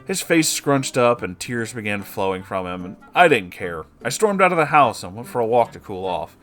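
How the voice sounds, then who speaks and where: A man reads a dramatic online story aloud in an ordinary middle-pitched voice. He drops into sarcastic, swearing asides between the lines. Soft guitar music plays faintly underneath. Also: animated, a little fast, few pauses. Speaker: story reader.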